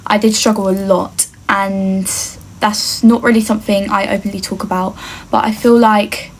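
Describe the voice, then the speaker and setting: A woman's voice: medium pitch, level tone, normal speed, a little hiss or hum. A young woman from England talking earnestly to camera in a casual get-to-know-me vlog, chatty and fond of saying "like". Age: young adult. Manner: chatty and earnest, often says "like" and "obviously". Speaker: vlogger.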